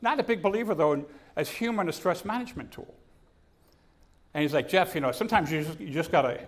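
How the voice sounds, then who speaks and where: A man's voice: high-pitched, fast. A man giving a comedic keynote speech to a conference audience, telling stories and acting out the people in them. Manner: storytelling, animated, acts out quotes. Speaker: keynote speaker. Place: conference stage.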